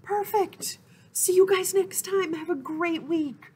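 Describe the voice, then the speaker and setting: A woman's voice: very high-pitched, slow pace, darkish tone. A woman leading a library storytime lesson for toddlers, talking in a cheerful sing-song way. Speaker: children's librarian.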